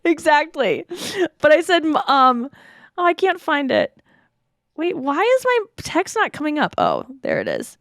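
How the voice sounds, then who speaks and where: A woman in her thirties hosts a podcast, chatting casually and breaking into giggles as she reads texts aloud. Her voice sits a little high, and the sound is close and dry. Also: huge pitch swings, measured pace, fairly bright tone, no echo. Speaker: podcast host. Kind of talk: casual chat.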